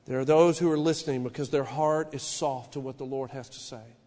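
A male pastor preaching a sermon in a church, shouting some lines and dropping to a hushed warning on others. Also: fairly even intonation, fairly quick, long reverb tail. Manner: fervent preaching, swinging from shouted declarations to low hushed warnings. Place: church sanctuary.

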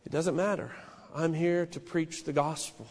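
Guy preaching hard in a church, kinda high voice, long echo all around. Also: fairly even intonation, normal speed. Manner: fervent preaching, swinging from shouted declarations to low hushed warnings. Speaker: pastor. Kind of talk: sermon. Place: church sanctuary.

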